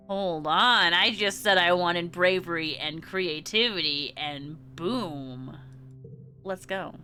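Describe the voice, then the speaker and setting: Bright-voiced woman streaming a game. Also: lowish voice, lively intonation, takes it slowly, soft background music. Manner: thinking aloud, chatty, trails off into murmurs. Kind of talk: casual let's-play commentary.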